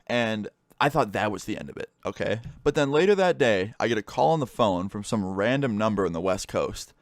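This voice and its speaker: A young man, a gaming YouTuber, casually telling a story time vlog, swearing freely and animated as he retells events. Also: fairly low pitch, a little fast, dry recording, studio quality.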